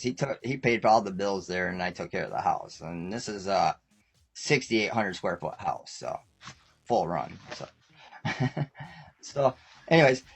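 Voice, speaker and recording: A man guest on a talk show, telling rambling stories casually, often laughing and acting out quoted lines. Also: fairly low pitch. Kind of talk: casual storytelling.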